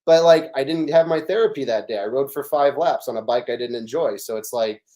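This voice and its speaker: A middle-aged man, a podcast guest, telling stories in animated casual chat, with many fillers and restarts. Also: medium pitch, a little fast.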